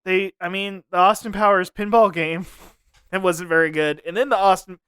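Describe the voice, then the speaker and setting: A man's voice: high-pitched, steady tone, moderate pace, sharp tone, smooth, no room sound, studio quality. A young man co-hosting a podcast in casual chat, laughing often and trailing off as he searches for names. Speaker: podcast co-host.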